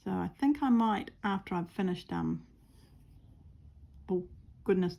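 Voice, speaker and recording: Gravelly-voiced New Zealand woman chatting. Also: medium pitch, unhurried, long pauses, warm tone. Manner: chatty, rambling, self-mocking humour. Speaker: craft vlogger. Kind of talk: casual chat while stitching.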